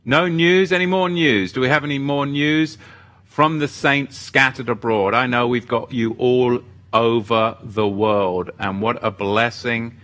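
A man's voice: mid-range voice, fairly even intonation, measured pace, fairly bright tone. A man hosting a faith-themed livestream, chatting casually and reading out viewer comments in a loose, self-deprecating way, often trailing off mid-sentence. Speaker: livestream host of a faith show.

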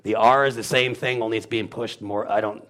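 Low-voiced man sounding out letters. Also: steady tone, brisk, fairly bright tone. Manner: demonstrative, sounds out letters and syllables, rambling. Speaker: guest explaining Hebrew pronunciation. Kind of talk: casual teaching talk.

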